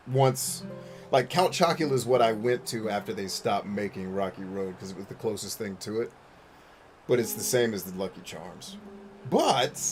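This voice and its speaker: A man streaming a game and answering his chat in a blunt, profane, rambling way, often restarting his sentences. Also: on the low side. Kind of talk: casual chat while gaming.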